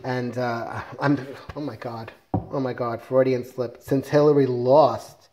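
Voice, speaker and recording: A man with a mellow, darkish voice talks through a comic book review in a loose, rambling way. He keeps correcting himself mid-sentence and slips in jokey asides as he goes. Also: mid-range voice, steady tone, slow.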